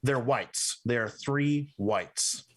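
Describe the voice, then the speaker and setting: A man running a tabletop game as game master, narrating scenes in a slow, deliberate way. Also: mid-range voice.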